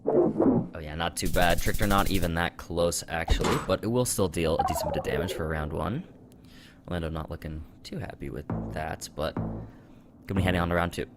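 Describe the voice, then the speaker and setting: Low-pitched male play-by-play caster. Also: normal speed, over loud music. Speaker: esports caster. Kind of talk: play-by-play commentary.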